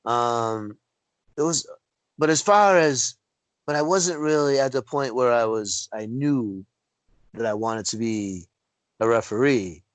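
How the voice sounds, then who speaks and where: A man's voice: unhurried, long pauses, no echo, rough recording. A man, a wrestling referee, telling stories in a casual interview over a video call and acting out quotes with big jumps in his voice. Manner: animated storyteller, acts out quotes with big pitch jumps.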